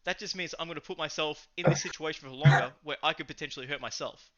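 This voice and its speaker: A man co-hosting a podcast, telling a story in a casual, animated way, swearing freely and acting out what people said. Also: a little high, fast talker, highs cut off, a crowd in the background. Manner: animated, swearing, acts out quotes. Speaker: podcast co-host.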